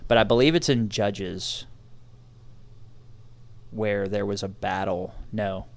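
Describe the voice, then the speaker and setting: A man's voice: lowish voice, fairly even intonation, slow. A young man co-hosting a casual podcast chat, rambling loosely through his thoughts. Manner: casual, rambling, says "dude". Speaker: podcast co-host.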